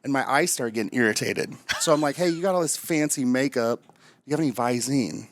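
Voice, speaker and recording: A man's voice: medium pitch, a little fast, no echo. A man from Nebraska telling a chatty, jokey story as a guest, a frog in his throat. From Omaha, Nebraska. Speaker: guest, camper finance manager. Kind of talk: casual storytelling.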